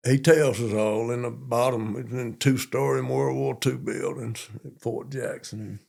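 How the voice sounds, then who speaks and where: Speaking a little slowly in a gravelly, mid-range voice, this older police chief from Monroe, Georgia, has a Southern accent. He tells army stories in an interview, folksy and repetitive, and animated in the retelling.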